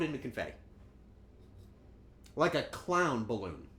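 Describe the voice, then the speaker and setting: A man's voice: medium pitch, wildly swooping pitch, a little slow, pauses often, a bit bright, a little hiss or hum. A man chatting casually on a cooking stream, joking and rambling, and acting out quotes in goofy voices.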